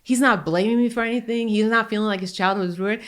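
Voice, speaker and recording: A woman in her forties telling personal stories in a casual, animated way as a podcast guest. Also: fairly high pitch, fast. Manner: animated, grows excited then softens. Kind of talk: casual conversational storytelling.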